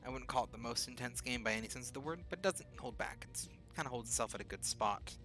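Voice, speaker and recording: A man's voice: mid-range voice, expressive, fast talker, sharp tone, soft background music. A man streaming a video game late at night, casually thinking aloud about his moves. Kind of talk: casual gameplay commentary.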